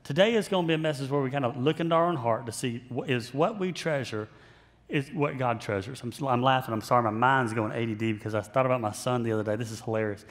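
A man's voice: mid-range voice, fast, big-room sound. A male pastor preaching a sermon in a conversational style with self-deprecating humor.

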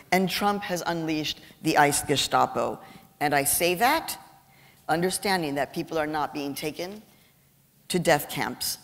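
A woman in her fifties, a journalist giving a keynote speech, an animated and emphatic storyteller. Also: low-pitched. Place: large auditorium. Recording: reverberant lecture hall.

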